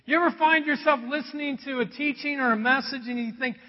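A man preaching a sermon in a conversational, animated way, acting out voices as he goes. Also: extremely high pitch, brisk. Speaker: pastor. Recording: dull sound with long hall reverb.

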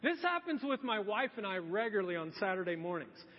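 A man's voice: high voice, sing-song, a little fast, big-room sound, highs cut off. A man preaching a sermon as a pastor, in a casual, joking storytelling manner.

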